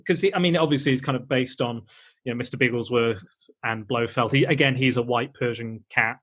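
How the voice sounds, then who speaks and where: A man hosts a relaxed podcast chat at a middling pitch. He rambles along with plenty of fillers and restarts, building his points as he goes. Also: fairly quick. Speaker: podcast host. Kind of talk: casual chat.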